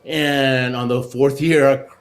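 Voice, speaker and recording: Middle-aged male interview guest, animated raconteur who keeps asking "right?". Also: mid-range voice, unhurried. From Argentina and the United States. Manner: animated storyteller, many restarts and "right?" tags. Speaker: guest, former Olympic luge athlete. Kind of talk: casual storytelling interview.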